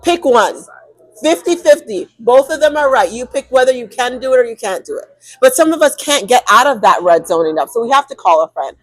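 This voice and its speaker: A woman co-hosting a podcast, talking emphatically and acting out quick inner monologues. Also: fairly high pitch, lively intonation, poor audio. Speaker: co-host. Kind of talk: animated podcast conversation.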